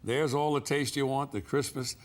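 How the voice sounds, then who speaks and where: A man hosting a TV infomercial, demonstrating a kitchen product with an enthusiastic pitchman's delivery. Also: fairly even intonation, normal speed. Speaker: infomercial host. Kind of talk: scripted TV sales demonstration.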